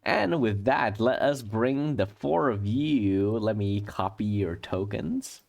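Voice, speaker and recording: A man running a tabletop horror game as game master, narrating and thinking aloud at an unhurried pace. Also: lowish voice, expressive, creaky, darkish tone.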